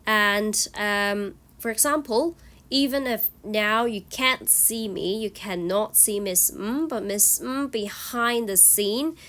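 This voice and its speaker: A woman's voice: medium pitch, a bit bright. A woman with a Hong Kong English accent teaching an online speaking lesson to students, often checking in with "okay?". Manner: slow, encouraging, frequent "okay?" checks.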